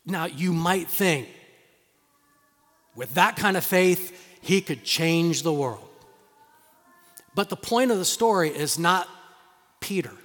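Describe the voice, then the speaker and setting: A male pastor preaching a sermon in a dramatic, storytelling way, acting out voices and dropping to hushed tones. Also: on the high side, lively intonation, slow, long pauses, big-room sound.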